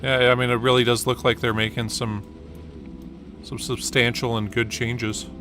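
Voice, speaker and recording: A man's voice: mid-range voice, level tone, moderate pace, music in the background. A man giving casual gameplay commentary, rambling through a story with lots of ums and uhs. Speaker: gaming channel host.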